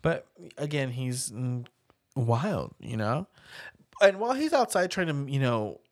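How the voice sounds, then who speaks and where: Man, co-host, casual movie recap, laid-back, rambling, mid pitch, dry close sound. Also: big pitch swings, measured pace, no echo. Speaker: podcast co-host.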